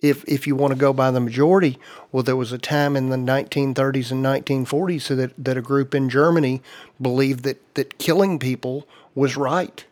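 Male host, mid-pitched, earnest explainer, casual discussion. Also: steady tone, a little fast, darkish tone.

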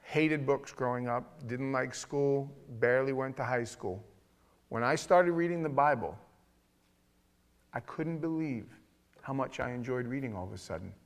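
A middle-aged man preaching a conversational sermon, emphatic at times and dropping to quiet asides. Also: medium pitch, moderate pace. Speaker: pastor.

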